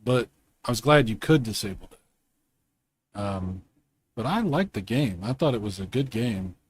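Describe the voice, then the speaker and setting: A man hosting a casual video game chat from home, rambling and quick to laugh. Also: lowish voice, expressive, a little hiss or hum. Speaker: host.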